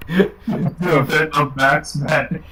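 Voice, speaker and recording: A man's voice: a little high, fairly even intonation, slow pace, a crowd in the background, low-quality recording. A man co-hosting a casual chat, talking in a hesitant, stumbling way. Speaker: co-host.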